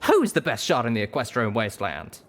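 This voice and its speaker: A man voicing a boastful, excitable young male pegasus sharpshooter in a storybook reading. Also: medium pitch, moderate pace.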